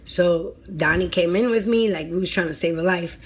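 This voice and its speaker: A woman vlogger telling a personal story in a casual, animated and dramatic way, blunt and free with swearing. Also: fairly low pitch, moderate pace, husky. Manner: animated, dramatic retelling with lots of "like".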